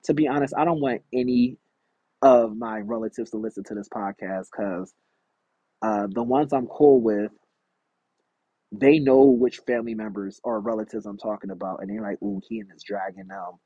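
A man with a husky voice hosts a solo podcast, rambling on in a frank and confessional way. He sits outdoors in a backyard, and his voice sounds dry and close, with no room echo. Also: on the low side, big pitch swings, normal speed, mellow, highs cut off. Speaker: podcast host. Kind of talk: candid solo podcast monologue.

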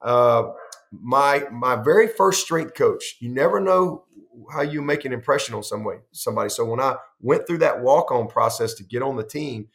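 Middle-aged male football coach, mid-range voice, spinning rambling, animated stories in an interview. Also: mid-range voice, moderate pace, creaky. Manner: animated, rambling, with frequent restarts and quoted dialogue. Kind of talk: storytelling in a conversational interview.

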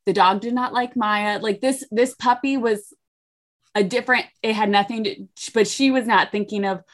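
A woman's voice: mid-range voice, steady tone, normal speed, a bit bright. A young woman co-hosting a casual chat podcast, telling gossipy stories about her family and acting out what each person said. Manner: gossipy storytelling, acts out quoted voices. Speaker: podcast co-host.

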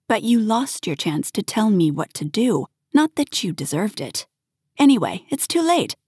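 A woman's voice: medium pitch, very animated, moderate pace, a little mellow, husky, no echo, studio quality. A woman voicing a bold young woman who is cool, confident and mocking, in an audio story. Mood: defiant.

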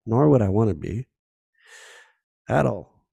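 A man talks through a solo podcast episode in an easygoing, candid way, swearing freely and acting out small scenes as he goes. His voice is low and gravelly with a mellow, warm tone. It sounds close and dry. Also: a little slow, no room sound. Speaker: podcast host. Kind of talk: casual solo podcast talk.

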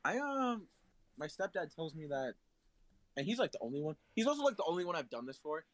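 A man's voice: a little high, big pitch swings, a little fast, no room sound, poor audio. A young man co-hosting a casual podcast chat, joking, teasing and rambling. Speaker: podcast co-host.

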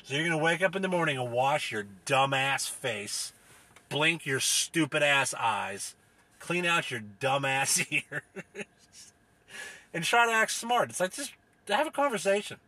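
A man's voice: fairly high pitch, expressive, measured pace, pushed and bright, dry recording. A man from the US delivering a profane, rambling, exasperated comedic rant as a solo podcast host.

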